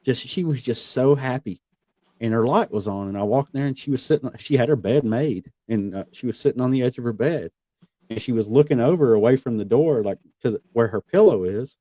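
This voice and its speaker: A man with a dark, mellow voice shares a personal story in an easygoing conversation, sounding earnest and getting animated as he goes. The audio is a little dull and lo-fi, and the sound is dry and close. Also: mid-range voice, a little fast, no echo. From Missouri. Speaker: podcast host.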